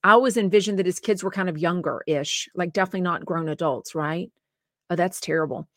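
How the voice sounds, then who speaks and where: Woman co-host, bright chatty delivery, close dry sound, reads viewer comments. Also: on the low side, quick pace, no echo. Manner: chatty, rambling, sympathetic. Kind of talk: casual chat reading viewer comments.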